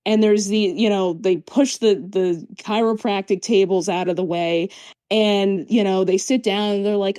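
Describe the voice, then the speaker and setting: A woman's voice: medium pitch, fairly even intonation, moderate pace, mellow, no echo. A woman guest on a podcast, telling a personal story in casual chat, acting out the voices of others and swearing now and then.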